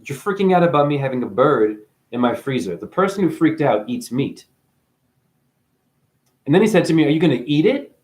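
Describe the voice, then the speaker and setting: A man's voice: mid-range voice, sing-song, normal speed, pauses often, a little mellow. A man delivering a profane, preachy spiritual rant straight at his viewers, swearing freely as he lectures them. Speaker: vlogger.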